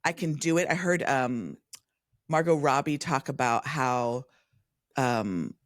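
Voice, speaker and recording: A woman, a podcast guest chatting casually in an animated way, often breaking off mid-thought and mimicking voices. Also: extremely low pitch, slow pace, dry recording, studio quality. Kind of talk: casual conversation.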